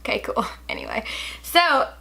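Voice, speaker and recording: A woman's voice: on the high side, huge pitch swings, moderate pace, gravelly, pushed and bright, slight background noise. A young woman reviewing makeup in a chatty, gushing way, hiccuping as she talks. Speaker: beauty vlogger. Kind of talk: casual product review.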